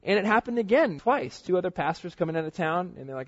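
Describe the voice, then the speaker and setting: A man's voice: high-pitched, quick pace. Casual slangy man preaching, lo-fi. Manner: casual, slangy, animated storytelling. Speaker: pastor. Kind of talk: sermon with personal storytelling. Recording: dull lo-fi recording.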